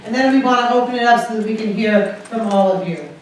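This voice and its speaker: A woman moderating a panel at a summit. She is gracious and measured. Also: fairly high pitch, slight background noise. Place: conference room at a summit. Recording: echoey hall, from far off.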